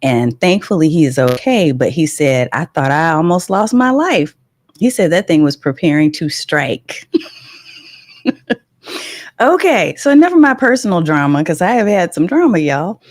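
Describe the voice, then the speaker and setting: A middle-aged woman hosts a casual livestream in a low voice. She tells animated stories, laughs often and greets viewers in the chat. The sound is close and dry. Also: normal speed, dry recording. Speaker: livestream host.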